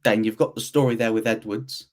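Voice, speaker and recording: A British man as a guest on a podcast, talking in a relaxed, conversational way. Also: fairly low pitch, a little fast. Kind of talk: casual podcast chat.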